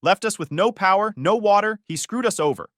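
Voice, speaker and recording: A man voicing a violent young brother who shouts and snarls threats. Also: sits high, expressive, brisk, dry recording, studio quality, pitched above the performer's own voice. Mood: furious.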